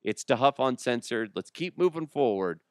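Joking podcast host, smooth dry voice. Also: male voice, mid-range voice, lively intonation, moderate pace, dry recording. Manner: joking, rambling, self-mocking. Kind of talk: casual solo podcast talk.

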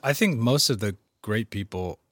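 A man's voice: on the low side, expressive, normal speed, a bit bright, a little hiss or hum. A man co-hosting a casual podcast chat in a laid-back, wry way. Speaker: podcast co-host.

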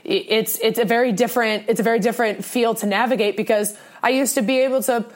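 A woman's voice: a little high, steady tone, quick pace. A young woman co-hosting a sports podcast, talking in an earnest, rambling way with many restarts. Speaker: podcast co-host. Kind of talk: casual sports podcast talk.

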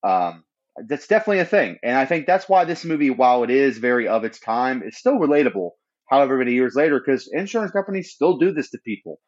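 A man's voice: mid-range voice, lively intonation, fast talker, highs cut off. A man co-hosting a podcast, chatting easily about a horror film and thinking aloud with fillers. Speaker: podcast co-host. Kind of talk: casual movie review chat.

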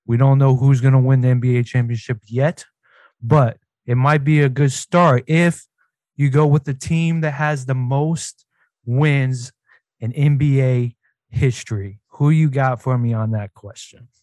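A man's voice: medium pitch, fairly even intonation, a little slow, darkish tone, no room sound. A man hosting a casual sports podcast, talking in a laid-back, teasing way. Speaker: podcast host.

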